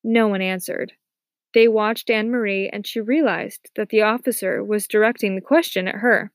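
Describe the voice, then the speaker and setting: A woman narrating a novel aloud with steady, soft-spoken storytelling. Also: medium pitch, normal speed, dry recording. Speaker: audiobook narrator. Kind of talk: scripted narration.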